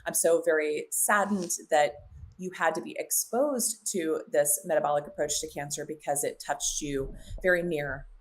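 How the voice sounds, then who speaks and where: A woman with a notably low voice talks as a podcast guest. She speaks in a heartfelt, fluent way and warms to her subject with enthusiasm. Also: normal speed. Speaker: naturopathic oncologist, guest. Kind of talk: casual podcast interview.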